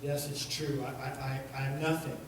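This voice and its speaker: A man voicing a fearful, downcast rabbi who speaks quietly and timidly, heard from far off in an echoey church. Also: mid-range voice, little pitch movement, moderate pace, noisy background, voice pushed down, natural voice.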